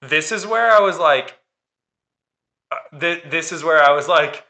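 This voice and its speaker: Sarcastic man with a bright voice. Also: a little high, a little slow. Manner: sarcastic, profane. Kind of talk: casual chat, telling a dating story.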